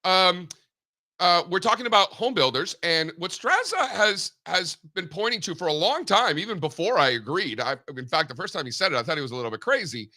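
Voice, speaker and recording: Bright-voiced joking market show co-host. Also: male voice, high voice, a little fast. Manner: animated, joking, many fillers. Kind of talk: casual market chat.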